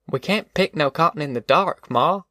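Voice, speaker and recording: A man's voice: fairly high pitch, animated, moderate pace, fairly bright tone, no room sound, studio quality, voice pushed up. A man voicing a complaining young farm son. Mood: grumbling.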